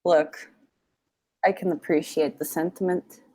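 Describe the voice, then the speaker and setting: A woman's voice: fairly low pitch, steady tone, measured pace, dark tone, rough recording. A woman voicing a protective young woman who speaks to a rival in a firm, confrontational way. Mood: defensive.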